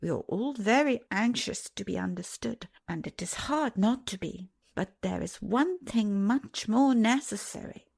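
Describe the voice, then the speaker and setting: A woman voicing a wise, gentle old grandmother who speaks softly and calmly, close to a whisper. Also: medium pitch, a little slow, gravelly, hardly any pauses, slightly rough, heavily acted. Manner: soft and hushed, close to a whisper.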